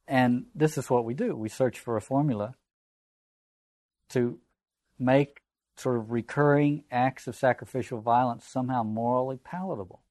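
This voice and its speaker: Male lecturer, mid pitch, reflective and digressive, dry recording. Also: moderate pace, darkish tone, no room sound. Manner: reflective, digressive, conversational asides. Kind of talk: literature lecture with read-aloud passages.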